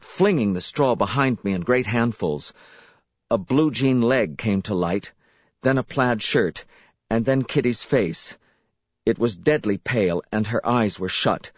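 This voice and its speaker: A male audiobook narrator who reads a first-person story slowly and with a wide, lively melody. His voice sits on the low side. The recording is dry and a little muffled. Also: no room sound. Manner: expressive, unhurried storytelling. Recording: slightly dull dry recording.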